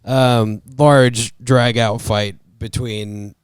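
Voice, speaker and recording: A man's voice: mid-range voice, drawn-out words, clear, resonant tone, no room sound, studio quality. A man co-hosting a casual movie review chat, animatedly retelling scenes. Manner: animated retelling, acts out quotes. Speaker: podcast co-host.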